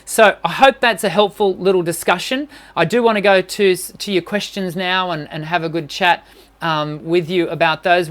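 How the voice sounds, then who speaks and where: A woman's voice: lowish voice, steady tone, moderate pace. A woman vocal coach giving an encouraging, conversational live-streamed singing lesson and answering questions, with frequent restarts.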